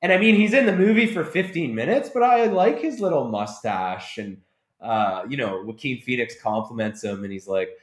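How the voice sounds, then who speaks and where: A man guesting on a casual movie podcast, an animated storyteller who acts out film scenes in funny voices. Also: mid-range voice, moderate pace, echoey room. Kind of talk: casual chat.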